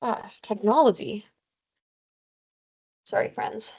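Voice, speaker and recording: A woman's voice: fairly high pitch, animated, slow pace, gravelly, a little mellow, breathy edge. A young woman tutoring a review session over a video call, casual and self-deprecating as she explains formulas. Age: young adult. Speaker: student tutor. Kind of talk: online review lesson.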